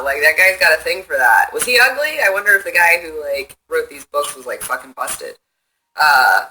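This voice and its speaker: A woman livestreaming from her phone, chatting casually and answering viewer comments in a profane, rambling, excitable way. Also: mid-range voice, a little hiss or hum, rough recording.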